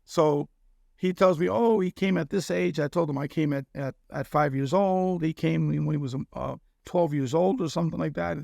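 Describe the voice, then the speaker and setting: The speaker, a middle-aged man from Cuba, is a guest telling a personal story conversationally, and he keeps earnestly checking in with a quick "okay?". His voice is gravelly, somewhat raised, on the high side and a little mellow, recorded close and dry.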